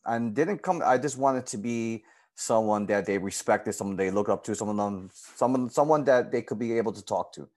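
A man in the guest's seat recounts his time coaching a girls' softball team. He speaks earnestly and with feeling, and his pitch leaps when he relives key moments. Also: moderate pace. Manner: earnest and emotional, lively pitch swings when retelling moments. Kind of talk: personal storytelling in an interview.

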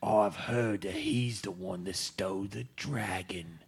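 A man's voice: a little high, big pitch swings, unhurried, vocal fry, bright, forceful tone, heavily acted. A man doing a sly dwarf faking an orc. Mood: scheming. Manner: conspiratorial, scheming.

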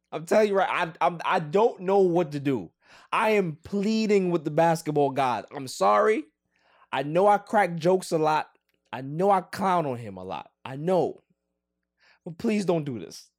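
A man co-hosting a casual sports podcast, joking and pleading in an animated way. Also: fairly high pitch. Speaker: podcast co-host.

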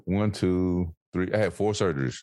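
A man's voice: deep voice, moderate pace, warm tone, dry recording, clean studio sound. A man, an author guest on a podcast, talking bluntly and profanely in a motivational casual chat. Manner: blunt, profane, preachy emphasis.

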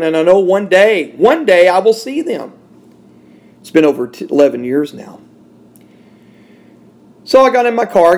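Male podcast host, gravelly voice, emotional studio testimony with big swings in volume and pitch. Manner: emotional, swings from loud and high to soft and hushed. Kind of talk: personal testimony.

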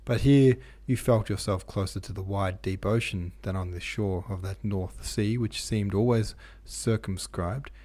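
Mellow low-voiced man reading a novel. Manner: measured, literary reading. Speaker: podcast host and audiobook reader. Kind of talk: scripted narration of a classic novel.

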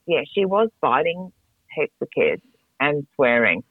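A woman's voice: low voice, sing-song, a little slow, slightly rough. A middle-aged woman in casual chat, candid and rambling, swearing freely. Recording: dry tinny phone-like sound.

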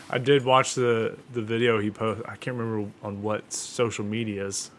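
A man's voice: lowish voice, level tone, measured pace, slight background noise. A man co-hosting a casual podcast chat, joking around and laughing often, with some swearing. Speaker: podcast co-host.

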